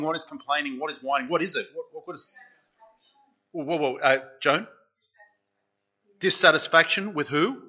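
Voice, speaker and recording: A man's voice: medium pitch, sharp tone, lo-fi sound. A man preaching in a church, chatting with the congregation and asking them questions. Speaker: pastor. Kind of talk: interactive sermon.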